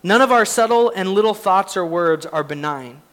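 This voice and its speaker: A man's voice: high-pitched, lively intonation, normal speed, fairly bright tone. A man preaching a sermon as pastor, earnest and conversational, with frequent fillers and self-deprecating laughs.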